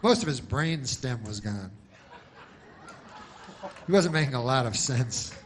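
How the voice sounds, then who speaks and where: Deadpan, rambling male comedian. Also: mid-range voice, unhurried, a little hiss or hum. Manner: deadpan, rambling with many asides. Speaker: stand-up comedian. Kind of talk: stand-up comedy.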